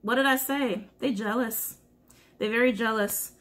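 A woman giving a casual, animated tarot reading to camera, often breaking into giggles and swearing freely. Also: fairly high pitch, a little slow. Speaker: tarot reader.

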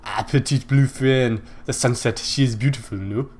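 A prissy flying knight, put on by a man, speaks in a hammy, badly faked French accent. He sounds haughty and easily offended as he stretches his vowels out slowly in a video game playthrough. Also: medium pitch, steady tone, a little mellow, slightly rough, lightly acted. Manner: theatrical, haughty, bad fake French accent.

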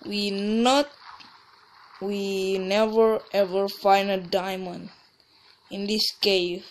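A woman's voice: medium pitch, steady tone, slow pace, pauses often. A woman giving casual gameplay commentary as a let's play gamer, rambling and often restarting or trailing off mid-sentence.

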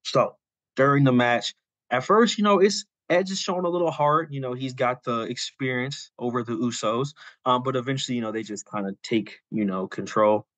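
A man of middle pitch spins out a long story in a relaxed, meandering way, leaning on "like" and "you know" as he goes. He slips into quick acted lines for the people in his story. The voice sits close to the mic in a dry, dead room. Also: no room sound. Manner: loose and rambling, full of "like" and "you know"; acts out quoted lines in passing. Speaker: podcast co-host. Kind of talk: casual storytelling on a podcast.

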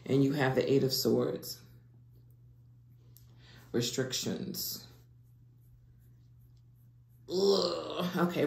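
With a low, gravelly voice, a tarot reader works through a casual reading monologue without hurrying. She alternates between hushed whispers and excited bursts, in an echoey room with constant background noise.

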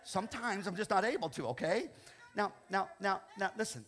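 An older man preaching a sermon as pastor, animated and often checking in with "okay?". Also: sits high, a little fast. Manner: animated, repeats "okay?" often, laughs between lines.

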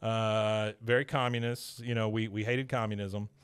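A man hosting a podcast, casually retelling a cartoon episode scene by scene and dropping into quick voices for the characters. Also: fairly low pitch, little pitch movement, smooth. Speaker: podcast host recapping episodes. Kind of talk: casual recap chat.

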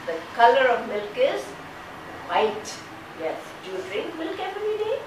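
A middle-aged woman, teaching phonics to small children in a slow, sing-song way and having them repeat words after her. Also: high voice, sing-song. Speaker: kindergarten teacher. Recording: echoey, distant mic with background noise.

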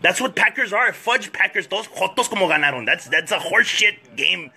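A man ranting profanely as a comedian, switching fast between English and Spanish. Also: sits high, expressive, creaky, sharp tone. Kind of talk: comedic rant to camera.

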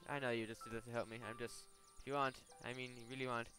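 A man's voice: medium pitch, little pitch movement, fast talker, sharp tone, faint music behind, voice pushed down, natural voice. Man voicing an earnest young mother. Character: determined young mother defending her home.

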